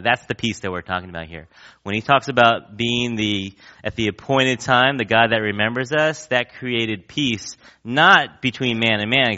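Male pastor, casual sermon, bright tone, lo-fi recording. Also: lowish voice. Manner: conversational, asks the crowd questions, acts out quotes.

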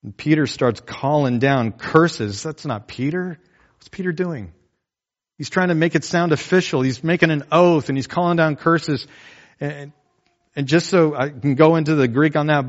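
A pastor preaching a sermon in a conversational way, often asking "right?" and acting out quotes. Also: male voice, fairly high pitch, moderate pace, dull audio.

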